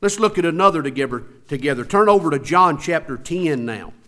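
Emphatic high-voiced male preacher. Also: animated, fairly quick, sharp tone. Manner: emphatic, rising and falling preaching cadence. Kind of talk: sermon.

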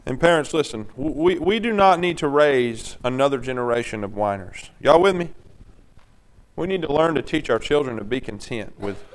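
A man's voice: mid-range voice, lively intonation, moderate pace. A man preaching a sermon in a conversational way, often checking in with his congregation.

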